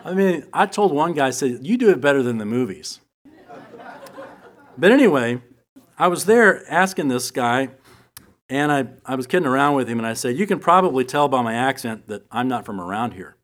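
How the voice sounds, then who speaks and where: A man's voice: mid-range voice, expressive, normal speed, some chatter behind. A middle-aged man delivers a Bible teaching in an easy, conversational manner. He mixes scripture with personal anecdotes and light humor, his voice sitting in an ordinary middle range. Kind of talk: sermon with personal stories.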